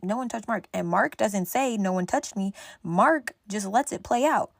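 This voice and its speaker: A young woman tells a chaotic party story straight to the mic, animated and loose-tongued. Her voice sits at an ordinary middle pitch and sounds dry and close, with no room around it. She acts out everyone's lines as she goes. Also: normal speed, creaky, no echo. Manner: animated, swears freely, acts out quotes. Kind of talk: casual storytime.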